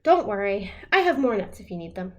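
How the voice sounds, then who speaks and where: A woman's voice: mid-range voice, sing-song, brisk, a little mellow, dull audio, voice pushed down, close to an everyday voice. A woman voicing a kind, chatty old grandmother in a picture book read-aloud. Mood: warm, chatty.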